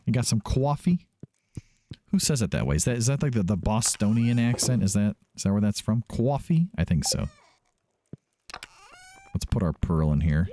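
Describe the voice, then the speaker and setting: A man's voice: low voice, dark tone, slight background noise. A man hosting a let's play, giving casual gameplay commentary, chatty and thinking aloud as he often corrects himself.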